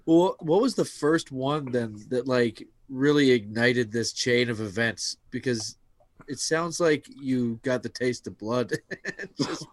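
A man's voice: medium pitch, slow pace, dry recording. A man hosting a casual podcast chat, asking follow-up questions with easy laughter.

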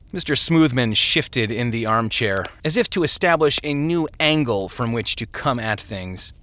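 A man's voice: medium pitch, normal speed, sharp tone. A man narrating a story as an audiobook, telling it expressively.

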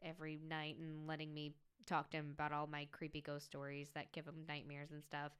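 A woman co-hosting a podcast in casual chat, excitable and quick to exclaim. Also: deep voice, clear, resonant tone. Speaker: podcast co-host.

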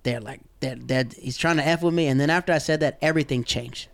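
A young man from the American South telling animated, slangy stories in casual chat, acting out the people he quotes. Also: medium pitch, quick pace, gravelly, dry recording.

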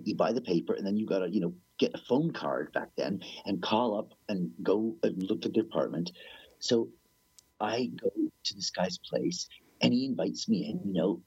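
Rambling man, husky lo-fi. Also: lowish voice, no echo. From Canada. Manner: rambling, animated, swears freely, acts out quoted people. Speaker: musician guest. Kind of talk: casual storytelling interview.

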